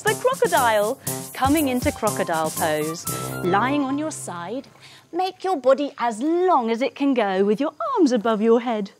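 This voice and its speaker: A woman tells a yoga story for children in a bubbly, encouraging way. Her voice is high, and her pitch leaps up and down in a sing-song way. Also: very animated, normal speed, faint music behind. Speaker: kids' yoga teacher and storyteller.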